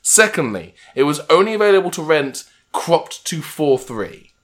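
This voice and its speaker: A man co-hosting a comedy podcast, his voice rising and falling in a lively, animated way. He slips into wry, mock-grandiose rants, building each complaint with relish. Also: a little high, moderate pace. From England. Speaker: podcast co-host. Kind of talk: casual comedic chat.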